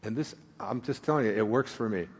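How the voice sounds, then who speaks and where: A man giving a live spiritual talk, who tells a rambling personal story and then reads aloud slowly and with emphasis. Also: on the low side, slightly rough. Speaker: spiritual speaker. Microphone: handheld microphone.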